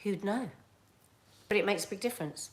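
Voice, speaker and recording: A woman's voice: mid-range voice, brisk. Chatty woman vlogging. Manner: chatty and rambling, with frequent fillers and laughs. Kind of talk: casual chat to camera.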